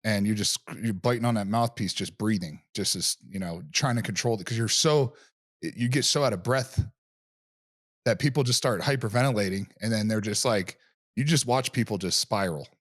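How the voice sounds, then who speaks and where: A man's voice: fairly low pitch, moderate pace, no echo. Casual male podcast host, dry sound. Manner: relaxed, rambling, many fillers and restarts. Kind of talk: casual chat.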